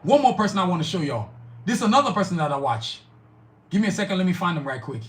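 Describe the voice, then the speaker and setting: A man's voice: high voice, animated, quick pace, a bit bright. Fired-up, profane man ranting. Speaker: podcast host reading live chat. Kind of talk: heated political rant.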